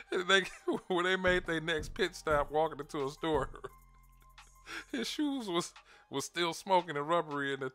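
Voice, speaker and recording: A man with hosts a relaxed commentary video, chuckling and circling back over his words as he talks to his viewers. His voice sits in a middle pitch. Faint music plays behind him. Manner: laid-back, laughing, repeats words, addresses viewers directly. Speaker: commentary channel host.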